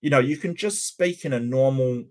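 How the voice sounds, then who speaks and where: A man talking through a cartoon with his viewers in a loose, conversational way. He repeats words as he gathers his thoughts, and his voice sits at an ordinary middle pitch. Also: a little mellow. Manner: halting, many repeated starts. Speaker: commentator reacting to a cartoon and to chat. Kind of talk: casual reaction commentary.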